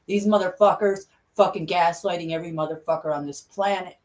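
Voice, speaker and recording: A woman's voice: fairly low pitch, steady tone, fairly quick, darkish tone. A woman vlogger ranting angrily, swearing constantly and repeating herself. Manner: furious, swearing constantly, repetitive. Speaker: conspiracy vlogger. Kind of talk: angry profane rant.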